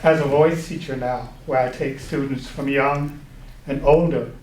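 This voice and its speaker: A man's voice: medium pitch, fairly even intonation, a little slow, a little mellow, slight background noise. Earnest man in an echoey room. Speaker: voice teacher, workshop participant. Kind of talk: sharing in a group discussion. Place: conference breakout room.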